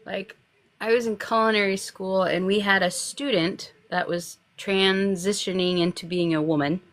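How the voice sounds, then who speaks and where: A young woman chatting on a livestream, telling lively family stories and laughing often. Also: medium pitch, normal speed. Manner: animated storyteller, laughs a lot. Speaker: guest author. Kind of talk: casual chat on a livestream.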